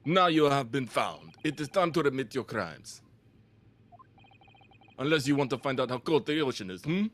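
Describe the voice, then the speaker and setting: A man putting on a gruff fake-Russian ship officer. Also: mid-range voice, lively intonation, moderate pace, pauses often, fairly bright tone, lightly acted. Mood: menacing. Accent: mock Russian accent. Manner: stern broken-English accusations. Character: gruff male ship officer accusing a suspect.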